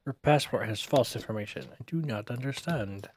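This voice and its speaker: A man's voice: medium pitch, moderate pace, a little hiss or hum, natural voice. A man voicing a stern male border inspector in a put-on Russian accent, with clipped, curt commands.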